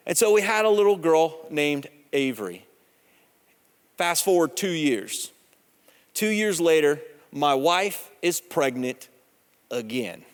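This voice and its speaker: A man in his thirties preaching a sermon, telling personal stories in a conversational, humorous, animated way. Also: fairly high pitch. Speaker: pastor. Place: church sanctuary. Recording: long church hall reverb.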